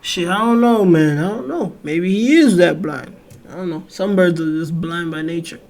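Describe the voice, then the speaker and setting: A 21-year-old man with a stuffy, blocked nose, rambling excitably and in slang as he hosts a reaction video. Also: sits high, moderate pace, vocal fry. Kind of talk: casual reaction commentary.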